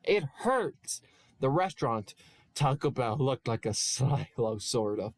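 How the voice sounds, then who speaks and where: A man's voice: medium pitch, a little slow, a little mellow, no room sound. A young man reading a silly fan story aloud, stumbling over words and stopping to poke fun at the text. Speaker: channel host. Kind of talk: comedic fan-fiction reading.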